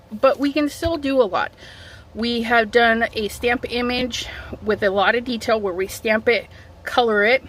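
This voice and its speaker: A middle-aged woman with a slightly high, somewhat bright voice runs a laid-back craft livestream from home using her phone. She chats as she gets set up and reads out comments, a little sniffly from allergies.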